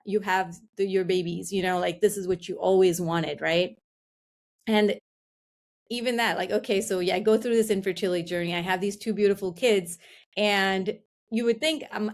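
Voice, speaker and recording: A woman's voice: mid-range voice, steady tone, normal speed. A middle-aged woman, a podcast guest, talking candidly and reflectively in a casual interview, often saying "like". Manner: candid, reflective, fillers of "like", acts out her own past thoughts.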